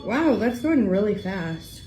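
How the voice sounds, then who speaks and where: A woman on a ghost hunt, gently asking a spirit questions. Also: medium pitch, big pitch swings, slow, over music. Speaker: ghost hunter. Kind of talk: calling out to a spirit. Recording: echoey room with loud noise.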